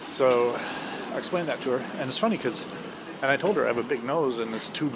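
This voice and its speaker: A man spins a long, rambling story in a sardonic tone, swearing freely and filling gaps with uh and um. His voice sits at an ordinary middle pitch. Heavy vehicle noise rumbles loudly under everything he says. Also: brisk. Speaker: vlogger. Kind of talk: casual storytelling. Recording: loud vehicle noise behind.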